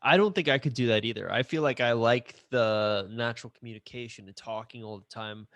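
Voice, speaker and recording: A man's voice: medium pitch, brisk, a bit bright, no room sound. A man hosting a casual interview as a relationship coach, asking follow-up questions and sharing his own stories.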